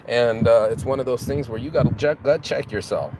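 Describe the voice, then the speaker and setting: A motivational vlogger speaks off the cuff, fairly quickly in a mid-range voice, asking rhetorical questions and frequently restarting his words. Outdoor traffic noise runs through the recording.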